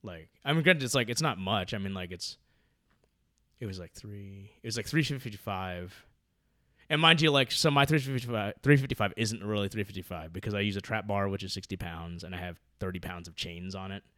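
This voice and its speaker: A man chatting casually about his training, rambling with lots of fillers and getting loud when excited. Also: lowish voice, fairly quick, no room sound, clean studio sound. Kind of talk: casual podcast chat.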